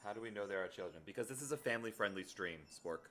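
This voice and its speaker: A man's voice: on the low side, quick pace, sharp tone, slight background noise. A man streaming a video game live, talking earnestly and directly to his viewers in casual chat. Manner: earnest, talks straight to viewers.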